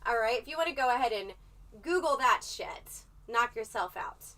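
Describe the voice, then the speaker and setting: A woman's voice: a little high, moderate pace, recorded from a distance, slight background noise. A woman livestreaming in a casual chat, rambling and swearing freely as she tells her story. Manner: profane, rambling, animated storytelling.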